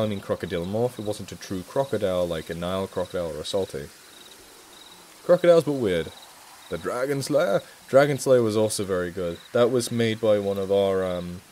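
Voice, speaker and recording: A man with a mixed northern English accent hosts a casual live stream Q&A in a fairly low voice. He chats eagerly about animals and swears without a second thought. A faint noise sits under the recording. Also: lively intonation, normal speed, a little mellow. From England. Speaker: charity live stream host.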